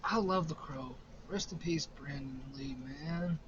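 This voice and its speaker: A man's voice: on the high side, unhurried. A young man casually ranking horror movies in a rambling, profane way, often laughing. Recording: slightly dull recording with faint noise.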